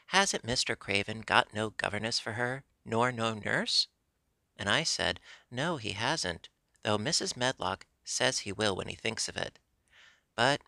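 A man's voice: mid-range voice, gravelly, bright, forceful tone, dry recording, exaggerated voice. A man reading a chatty young Yorkshire maid in broad, homely dialect, in a dry, close audiobook recording.

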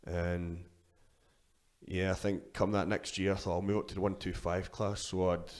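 At normal speed and in a low, level, darkish voice, a young adult man with a Scottish accent shares stories during a casual interview. The guest, a powerlifter, swears freely and restarts his sentences.

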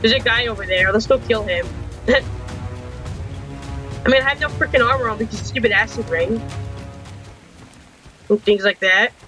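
A man's voice: high-pitched, normal speed, long pauses, over music. A young man commenting on his gameplay, frustrated and complaining, with frequent mild swearing. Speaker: gaming channel host. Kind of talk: game commentary.

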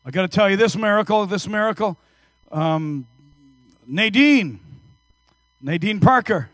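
A man in his fifties preaching a sermon in church, telling stories energetically and swinging between hushed and loud. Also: high-pitched, no echo. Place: church service.

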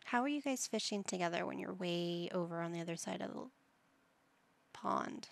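A woman's voice: mid-range voice, gravelly. A woman hosting a gaming channel, chatting casually and musing to herself as she plays, sometimes dropping to a whisper. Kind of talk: casual gameplay commentary.

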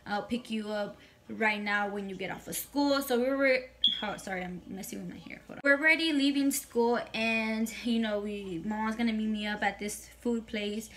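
A woman's voice: a little high, fairly even intonation, normal speed, a bit bright. A young woman vlogger telling a casual storytime monologue, chatty and full of swearing, slipping in Spanish phrases.

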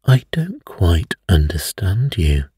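A man's voice: sits low, big pitch swings, slow pace, mellow, husky, dry recording, studio quality, heavily acted. A man voicing a blunt, emphatic scientist doctor who dismisses superstition.

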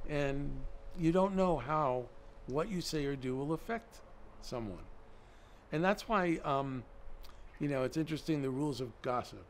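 A middle-aged man, guesting in a conversational interview, tells stories in an animated way and acts out the dialogue he quotes. His voice is mid-range, with a little hiss or hum on the recording.

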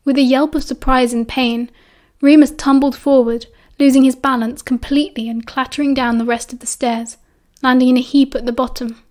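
High-voiced British woman reading aloud. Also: level tone, normal speed, hardly any pauses, a little mellow. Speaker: audiobook reader. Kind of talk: fan audiobook narration.

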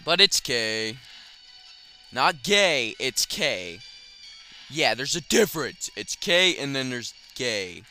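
A young man giving casual let's play commentary, profane and excitable, shouting when he fails. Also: mid-range voice, slow, soft background music. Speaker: gaming commentator.

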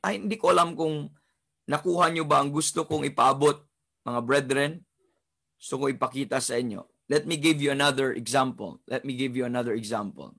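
Slow, bright-voiced Filipino Bible teacher. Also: male voice, on the high side. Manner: switches between English and Tagalog, emphatic and repetitive.

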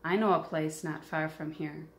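Big kind male storybook creature with a trunk, calm and caring, read by a woman in her lowish voice, roomy echo. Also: normal speed, close to an everyday voice. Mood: gentle, caring. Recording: echoey room, faint noise.

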